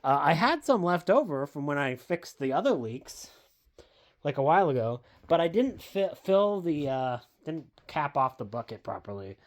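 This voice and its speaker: A woman's voice: sits low, big pitch swings, moderate pace, darkish tone. A woman, chatting casually and rambling in a home vlog from her basement, self-deprecating, full of fillers and the odd swear. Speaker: book vlogger.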